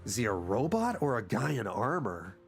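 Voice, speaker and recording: A sick male game streamer, reading game dialogue aloud and reacting in an animated way. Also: medium pitch, normal speed, creaky, soft background music. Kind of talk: livestream gameplay commentary and dialogue reading.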